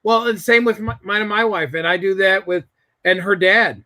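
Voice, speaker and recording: A man's voice: sits high, fairly even intonation, moderate pace, bright, forceful tone, no echo. A man in a casual chat, telling a family story in a rambling way, with many restarts and fillers. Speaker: guest.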